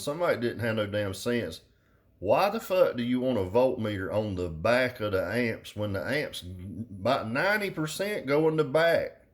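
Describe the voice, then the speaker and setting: A middle-aged man, ranting casually and bluntly with crude slang. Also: mid-range voice. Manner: profane, blunt, drawling southern slang. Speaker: car audio vlogger. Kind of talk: casual rambling rant.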